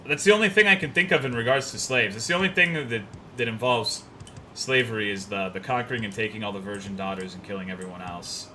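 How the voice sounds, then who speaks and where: A young man streams a game and chats casually, swearing freely and rambling as he answers his chat. His voice is bright and forward, with a faint hum of room noise behind it. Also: fairly low pitch, quick pace. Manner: loose, profane, rambling, reads chat aloud.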